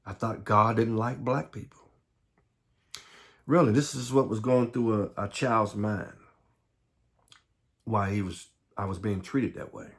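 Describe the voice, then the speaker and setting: Southern us guy telling his life story, kinda gravelly, stumbles and repeats words, sounds close to crying. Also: on the low side, fairly even intonation. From Southern United States. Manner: halting, repeats words, earnest. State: close to tears. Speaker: vlogger.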